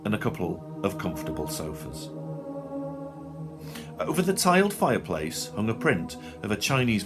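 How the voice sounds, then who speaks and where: A man reading a short story aloud in a dry, expressive storytelling manner. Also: low voice. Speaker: narrator. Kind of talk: audiobook reading.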